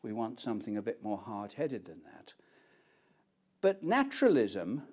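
Male lecturer, storyteller, lively rising-and-falling delivery. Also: fairly low pitch, measured pace. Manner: storytelling, acting out quoted voices. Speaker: philosophy lecturer. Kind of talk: academic lecture.

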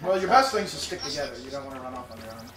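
A man's voice: medium pitch, lively intonation, very fast, reverberant, recorded from a distance. A man chatting casually while playing a game with friends, swearing and giving advice. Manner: swears a lot, gives tips. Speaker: gamer. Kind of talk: casual gaming chat. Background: game music.

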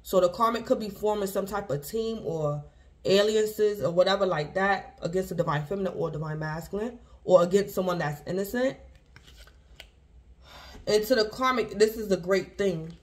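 A woman's voice: medium pitch, moderate pace. Woman, tarot reader, casual and rambling, repeats herself, speaks to the collective. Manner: rambling and repetitive, addresses the collective; speaks in loose restarts, circling back to one point. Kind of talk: casual tarot reading to viewers.

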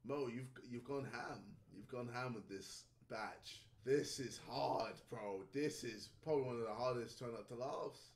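A man doing casual reaction commentary, exclaiming and laughing, with a gravelly voice. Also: medium pitch, a little slow, few pauses. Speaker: reaction youtuber. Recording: noisy.

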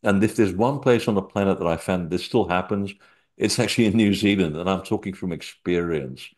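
Man, low voice, interview guest, rambling anecdotes, lots of ums and uhs. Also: a little fast, a little mellow. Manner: rambling anecdotal storytelling with frequent fillers. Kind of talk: casual chat.

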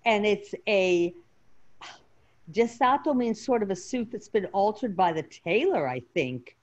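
A woman's voice: medium pitch, animated, a little slow, darkish tone, lo-fi sound. Woman in a class reading lines out and translating them, kinda tentative. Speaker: student. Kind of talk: casual group lesson.

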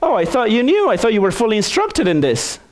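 A man voicing an excitable paragliding instructor who scolds and exclaims in a raised voice. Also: high voice, fast, voice pushed up. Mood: alarmed. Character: alarmed adult male paragliding instructor, excitable.

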